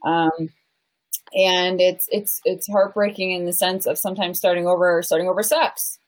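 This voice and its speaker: A woman in her thirties, a relationship coach talking candidly as an interview guest, animated and jokey, running off on tangents and filling with "you know" and "like". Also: on the low side, moderate pace, rough recording. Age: 30s.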